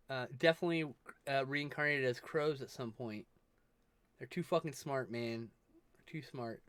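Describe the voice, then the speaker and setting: A man's voice: medium pitch, measured pace, long pauses, fairly bright tone, slight background noise. A man chatting casually on a livestream, rambling, swearing freely and trailing off mid-sentence. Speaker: livestream co-host. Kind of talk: casual chat while drawing.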